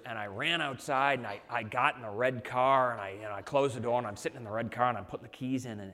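A man, an author being interviewed, telling animated anecdotes with lots of "you know" fillers. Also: medium pitch, quick pace, few pauses, in a large hall. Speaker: author guest. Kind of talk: conversational storytelling.

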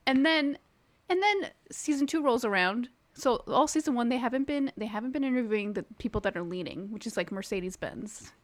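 A woman co-hosting a casual podcast chat, excitedly gushing and laughing, swearing now and then. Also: fairly high pitch, a little fast, dry recording. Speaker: podcast co-host.

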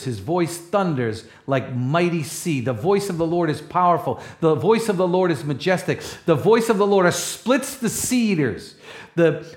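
A man preaching a sermon, rising to loud, passionate peaks and then dropping to soft, low asides. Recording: echoey room.

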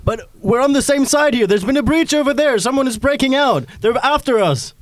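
A man's voice: very high voice, expressive, dry recording, pitched above the performer's own voice. A man voicing a panicked female guard who urgently pleads, in a tabletop game. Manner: loud, rushed pleading.

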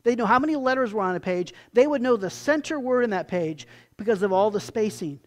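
Animated preacher giving a sermon. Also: medium pitch, brisk. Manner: animated storytelling, emphatic. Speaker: pastor.

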